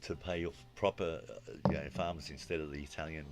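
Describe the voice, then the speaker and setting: This is a man with a strikingly deep, low voice, telling a rambling story in relaxed conversation. He acts out the lines of the people in it and keeps saying "you know". A faint bed of music plays behind him. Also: fairly quick. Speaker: guest storyteller. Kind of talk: casual storytelling chat.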